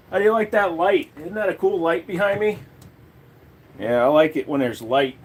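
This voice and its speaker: A man's voice: high voice, animated, normal speed, long pauses, slightly rough. A man hosting a casual live stream, joking crudely and swearing as he shows off his collection and talks to chat.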